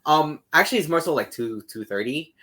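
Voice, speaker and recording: A man's voice: a little high, expressive, brisk, sharp tone. A man from Canada co-hosting a podcast, chatting casually, using lots of fillers and laughing often. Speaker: podcast co-host. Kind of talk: casual chat.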